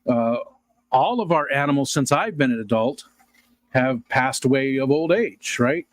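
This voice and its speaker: A man's voice: medium pitch, lively intonation, a little slow, dry recording. Rambling middle-aged man hosting a livestream. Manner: rambling, chuckles often. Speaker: livestream host. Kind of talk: casual livestream chat answering viewer comments.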